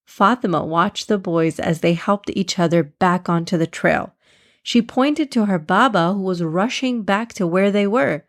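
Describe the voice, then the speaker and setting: A woman narrating a children's story with gentle, measured reading. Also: medium pitch.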